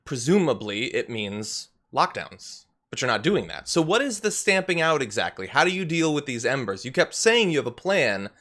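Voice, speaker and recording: A man hosting a political commentary show, conversational and exasperated, asking questions out loud. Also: mid-range voice, very animated, normal speed, few pauses. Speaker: host.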